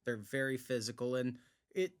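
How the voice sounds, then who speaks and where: A man's voice: mid-range voice, moderate pace. A man hosting a sports show, asking a coach questions in a friendly, conversational way. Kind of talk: casual sports interview.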